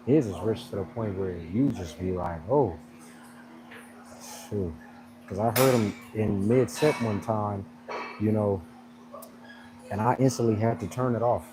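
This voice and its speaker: A man vlogging at a gym in casual chat, rambling and laughing as he tells a story. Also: on the low side. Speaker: fitness vlogger. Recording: noisy background.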